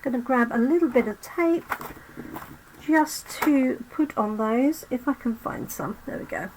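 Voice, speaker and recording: Craft host, woman, losing her voice; slightly high, unhurried delivery. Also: noisy background. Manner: chatty, talks to viewers while working. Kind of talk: live card-making demo.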